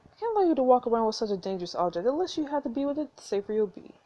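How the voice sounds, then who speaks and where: A stern, secretive male professor from a story game, as a woman reads him aloud. He speaks firmly and formally, brushing questions aside, in a fairly high voice with lively swings in pitch. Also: rapid-fire. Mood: stern warning. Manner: firm, formal and dismissive.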